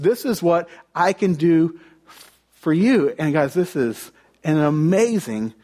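A young man from the United States preaches in a loose, conversational way. His voice sits a little high for a man, and he tells stories, often restarting his phrases mid-thought. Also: lively intonation, takes it slowly, mellow. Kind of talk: sermon.

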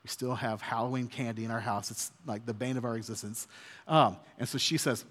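A man's voice: medium pitch, fairly even intonation, a little fast, fairly bright tone. A man in his thirties preaching an earnest, conversational sermon as a pastor. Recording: long hall reverb.

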